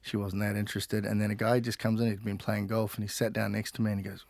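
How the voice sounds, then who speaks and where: Gravelly New Zealand man, mid pitch, rambling studio storyteller with a dry close sound. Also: level tone, fast, a little mellow, no room sound. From Auckland, New Zealand. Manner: rambling anecdotal, laughs often. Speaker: guest musician. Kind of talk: casual storytelling. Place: radio studio.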